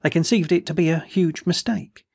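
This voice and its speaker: Guy reading an audiobook, raspy and a bit creaky, slightly high. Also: moderate pace, a little mellow, dry recording, clean studio sound. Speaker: audiobook narrator. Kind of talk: scripted narration of a classic novel.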